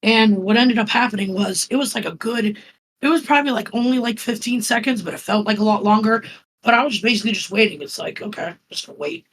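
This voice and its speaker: A woman from Florida, a podcast guest, telling a story in a calm, even way with many fillers. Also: on the high side, fast talker, slight background noise, low-quality recording. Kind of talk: casual storytelling.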